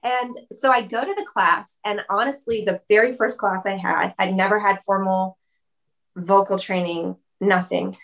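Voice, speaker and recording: A woman in a casual interview, telling her story in a loose, chatty flow. Her voice sits at an ordinary middle pitch, and she scatters "like" through her sentences and breaks into quick laughs. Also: steady tone, gravelly, fairly bright tone. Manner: chatty, fillers of "like", laughs often. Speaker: guest.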